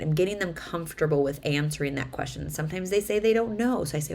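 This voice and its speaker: A woman in her thirties, a mother, talking casually to camera in a chatty, animated way, acting out quotes as she tells stories. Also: fairly low pitch, fairly quick, creaky. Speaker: vlogger.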